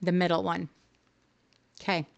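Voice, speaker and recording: Smooth-voiced woman coaching live viewers. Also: fairly low pitch, flat delivery, unhurried, lo-fi sound. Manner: upbeat and coaching, talks to chat viewers by name. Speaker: livestream host teaching game decorating. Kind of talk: casual live-stream tutorial chat.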